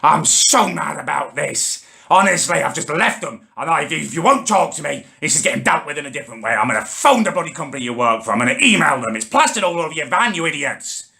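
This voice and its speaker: Young man, indignant comic rant, gravelly, bright edge. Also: a little high, big pitch swings, fast, hardly any pauses. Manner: indignant, shouting ranting with Northern English slang. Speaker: comedy channel host. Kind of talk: comedic rant to camera.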